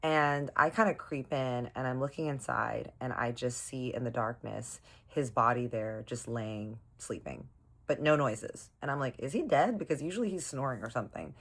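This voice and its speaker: A woman's voice: very deep voice, normal speed. A young woman telling a dramatic storytime in a casual, chatty way, often calling her viewers y'all. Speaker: storytime vlogger.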